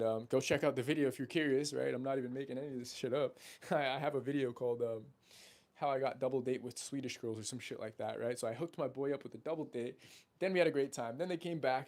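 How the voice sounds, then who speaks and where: A man's voice: mid-range voice, steady tone, quick pace, darkish tone. Young male dating coach: brash, salesy, swears freely, acts out friends in quotes. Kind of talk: casual talking-head monologue.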